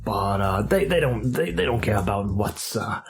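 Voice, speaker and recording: A man plays his character in a tabletop horror game with a lowish voice. He stammers and repeats words often. Faint music runs beneath him. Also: lively intonation, normal speed, creaky. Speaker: player.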